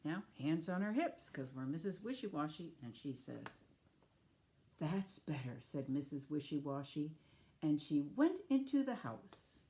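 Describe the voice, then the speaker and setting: A woman's voice: deep voice, sing-song, moderate pace, mellow. A woman reading picture books aloud to young children, inviting them to join in the actions and sound effects. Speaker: children's storyteller.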